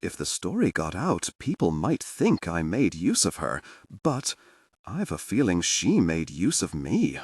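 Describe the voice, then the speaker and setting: A man's voice: sits low, huge pitch swings, a little slow, a little mellow, husky, dry recording, studio quality, distant mic, full character voice. A man voicing a proud but hesitant young war hero in an audiobook. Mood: confiding.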